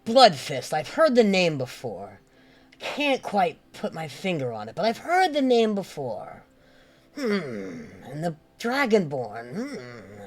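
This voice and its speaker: Tabletop player, male, high voice, slow and theatrical, faint music behind. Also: huge pitch swings. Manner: rambling, mock-grand pronouncements. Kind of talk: in-character roleplay.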